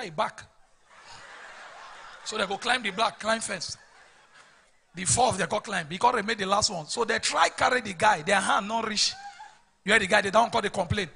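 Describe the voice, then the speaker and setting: A young comedian with a Nigerian accent tells a story on stage. His voice sits very high and sounds sharp and bright, and he often laughs as he talks. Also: gravelly, slightly rough. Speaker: stand-up comedian. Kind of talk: stand-up storytelling.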